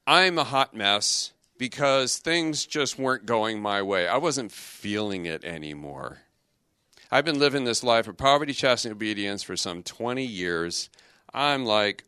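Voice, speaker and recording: Animated, joking middle-aged man preaching. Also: on the low side, a little slow, smooth, no room sound, clean studio sound. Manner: conversational, joking, full of rhetorical questions. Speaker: religious brother giving a youth talk. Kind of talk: lively youth talk.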